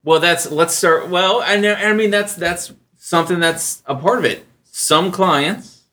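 Guy in his 30s hosting a podcast, storytelling, jumps into high silly voices for other people. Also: a little slow, bright, forceful tone. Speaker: podcast host. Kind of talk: casual podcast chat.

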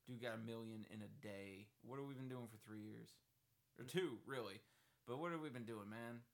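A man's voice: mid-range voice, normal speed. Joking man riffing on a podcast. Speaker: podcast co-host. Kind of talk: casual podcast banter.

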